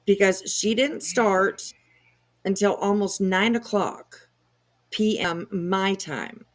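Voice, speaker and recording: A woman hosts a casual commentary stream in an easy mid-pitched voice. She chats loosely, swears freely and fills her talk with ums and you-knows. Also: slow. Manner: chatty, swears casually, lots of fillers.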